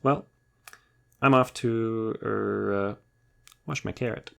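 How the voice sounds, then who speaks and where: A man voicing a polite, gentle female bear who speaks hesitantly, in a storybook reading. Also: lowish voice, fairly even intonation, takes it slowly, creaky, voice pushed up, full character voice. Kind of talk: storybook character voice.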